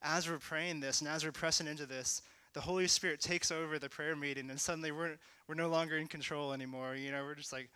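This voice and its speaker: A young man sharing a testimony in a casual, rambling way, full of "like" and "you know", at times rising to shouting. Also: a little high, fairly even intonation, quick pace, few pauses, smooth, no room sound. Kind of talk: testimony talk.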